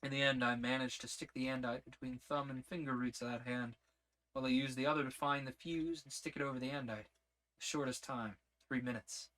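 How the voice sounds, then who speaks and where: A man with a mid-pitched voice reads a first-person story aloud. His delivery is measured and steady, letting each scene unfold one clause at a time. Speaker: audiobook narrator.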